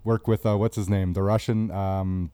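A man's voice: low-pitched, little pitch movement, normal speed, mellow, clean tone, no room sound. A man in a casual movie discussion, telling a behind-the-scenes anecdote and swearing freely.

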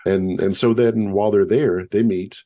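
A man co-hosting a podcast, explaining a story in a measured, storytelling way in casual conversation. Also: lowish voice, fairly even intonation, warm tone. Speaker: podcast co-host.

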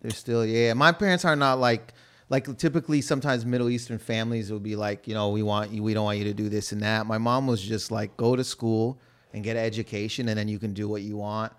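A man chatting as a podcast guest, telling anecdotes in loose, profane talk full of fillers and acting out other people's lines in loud voices. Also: on the low side, fairly quick, smooth. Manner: animated storyteller who acts out quotes in loud voices. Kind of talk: casual chat, anecdotes.

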